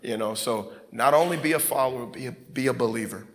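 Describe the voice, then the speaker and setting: Pastor, male, chatty sermon storyteller, mid-pitched voice, long hall echo. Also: brisk. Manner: conversational, animated storytelling with many fillers.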